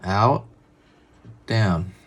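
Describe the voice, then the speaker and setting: A man's voice: fairly low pitch, extremely slow. Laid-back man narrating his drawing strokes. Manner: relaxed, chatty, narrates each pen stroke. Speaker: drawing tutorial host. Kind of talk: casual step-by-step drawing instruction.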